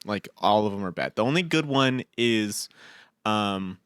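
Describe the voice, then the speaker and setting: A young man co-hosting a podcast, chatting casually in an animated, rambling way with frequent laughs. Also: lowish voice, measured pace, clean tone, dry recording, studio quality. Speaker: podcast co-host. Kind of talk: casual chat.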